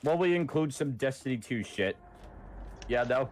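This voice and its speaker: A man's voice: mid-range voice, lively intonation, normal speed, darkish tone. A man chatting casually with friends on a game stream, blunt and skeptical. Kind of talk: casual gaming chat.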